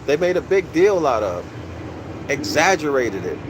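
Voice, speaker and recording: A man's voice: on the high side, very animated, unhurried, background noise. A man giving a teaching lecture from a book, repeating key phrases and asking his listeners questions, calling them "y'all".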